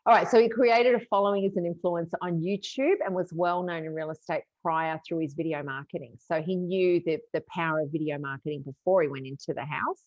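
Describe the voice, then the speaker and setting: An Australian woman hosting a podcast, chatting quickly and frankly. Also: lowish voice, no echo. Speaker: podcast host. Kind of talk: casual chat. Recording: dull dry lo-fi sound.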